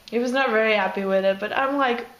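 A woman's voice: on the high side, normal speed, fairly bright tone, low-quality recording. A young woman, chatting casually to camera in a rambling, hesitant way full of fillers. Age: 20s. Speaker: vlogger.

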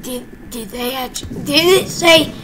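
A woman giving game commentary, excitable, squealing and shouting, then dropping to whispered asides. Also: high voice, normal speed. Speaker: gaming channel host. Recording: home recording with clear background noise.

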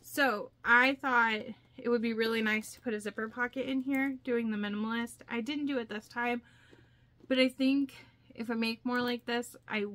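A young woman vlogger chatting casually as she shows her handmade bags, with lots of fillers and excitement. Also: a little high. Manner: chatty, filler-heavy, enthusiastic. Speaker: crafting vlogger. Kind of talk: casual show-and-tell vlog.

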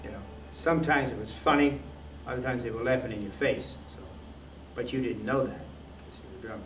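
A man telling rough, rambling, profane stories in a casual interview. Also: mid-range voice, brisk, background noise. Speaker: interviewee, film extra. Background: background music.

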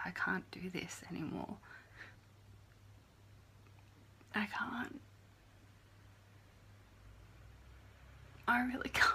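An actress playing a young YouTuber with depression, who talks in a halting, filler-heavy way and swears often. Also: female voice, lowish voice, creaky, bright, forceful tone, slight background noise. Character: young woman YouTuber, depressed, bullied by trolls. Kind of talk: confessional vlog monologue in a short film.

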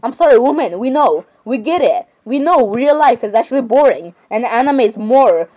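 High-voiced excitable teenage girl. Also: moderate pace, poor audio. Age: teens. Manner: rambling, dramatic, excitable. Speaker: gamer. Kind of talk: casual gameplay chatter.

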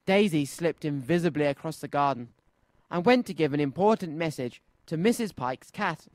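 A man presenting a children's radio show, reading a story aloud with an expressive, lively delivery. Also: a little high, normal speed, no echo. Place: radio studio.

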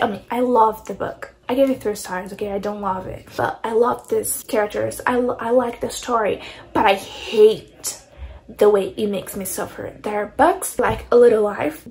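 A woman's voice: fairly high pitch, vocal fry, rough recording. A young woman, ranting dramatically and exasperatedly about a book in a casual reading vlog. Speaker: book vlogger.

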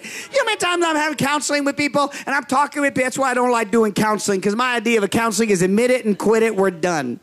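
A man preaching a charismatic sermon as pastor, fervent, with shouted declarations and drawn-out emphasis. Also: very high voice. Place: church sanctuary.

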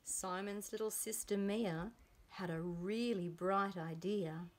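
Woman reading a storybook aloud, slow and deliberate pace, expressive character voices. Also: mid-range voice. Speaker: preschool storybook reader. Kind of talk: children's picture book read-aloud.

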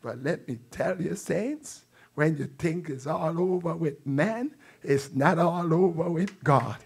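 A man's voice: on the high side, slow pace, creaky, a little mellow, husky. An older man preacher giving a fervent testimony sermon in a church, with repeated exclamations. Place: church sanctuary.

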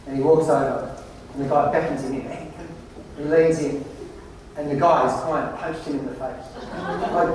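A man giving a humorous keynote at a conference, telling anecdotes in a wry, animated way. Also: fairly high pitch, slight background noise. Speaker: conference presenter. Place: large conference hall. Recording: very echoey hall, distant mic.

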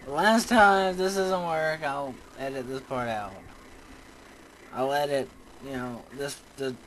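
A man's voice: mid-range voice, slight background noise, low-quality recording. A young man commenting on a shooter game as he plays, muttering and bursting out in frustration. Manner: excitable, frustrated muttering and outbursts. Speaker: gamer. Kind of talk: let's play commentary.

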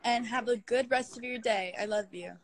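At a moderate pace, a young woman with a slightly high voice chats with fans on a phone live stream, with a little background noise. She's a social media star, giggly and gushing, occasionally cooing at her cat.

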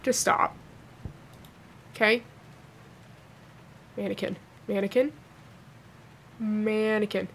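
A woman playing a horror game, talking to herself nervously and joking to calm her nerves. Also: medium pitch, slow pace, long pauses. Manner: nervous, talks to herself, jokes to cope. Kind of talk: casual let's-play commentary. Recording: game music playing behind. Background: game music.

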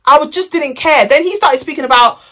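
A woman's voice: sits high, fairly quick, a bit bright. A young woman telling a story on her vlog in a chatty, slangy, rambling way. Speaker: vlogger.

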